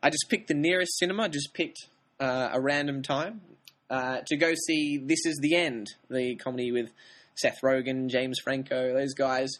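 A film podcast co-host chats casually in a steady, fairly bright mid-range voice at normal speed. His humor is dry and teasing, and he laughs often.

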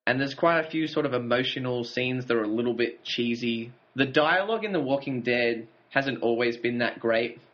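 A man talks at a moderate pace with hardly any pauses, his medium-pitched voice a bit bright. As a podcast co-host in a relaxed TV review chat, he recaps the plot and chuckles from time to time. The recording is dull, lo-fi audio.

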